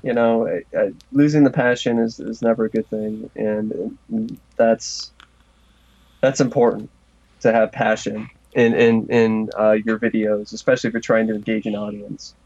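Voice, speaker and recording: A young man co-hosting a podcast, talking in an earnest, halting way. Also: fairly low pitch, level tone, a little mellow, dry recording, dull audio. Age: young adult. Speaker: podcast co-host. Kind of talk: casual podcast chat.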